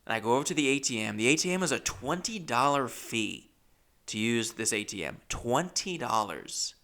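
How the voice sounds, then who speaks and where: A comedian telling a funny personal story in an animated, self-deprecating way, calling his listeners "folks.". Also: mid-range voice, normal speed.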